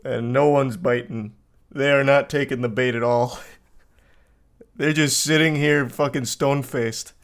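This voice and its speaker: A man's voice: medium pitch, steady tone, a little slow. Male streamer, casual reaction commentary, dry and profane delivery. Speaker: livestreamer.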